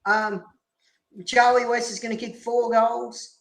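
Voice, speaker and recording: A man's voice: very high-pitched, little pitch movement, measured pace, vocal fry. A man chatting as a stream guest, blunt and mock-outraged. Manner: blunt, exaggerated complaining. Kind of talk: casual live-stream chat.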